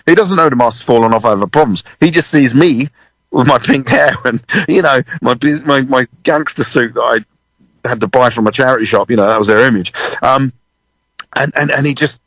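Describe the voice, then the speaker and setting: A British man, a drummer, telling a lively story in a radio interview, swearing freely and acting out other people's voices. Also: mid-range voice, no echo, poor audio. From United Kingdom. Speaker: guest drummer.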